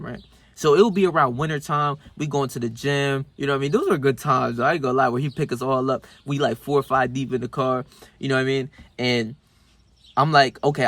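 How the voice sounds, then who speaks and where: A young man tells a rambling personal story straight to the camera, with constant slang and profanity. His voice sits in an ordinary middle pitch, and it jumps up and gets louder whenever he acts out what he and his friends said. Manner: slangy, profane, animated when reenacting scenes. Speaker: self-improvement vlogger. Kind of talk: casual storytelling monologue.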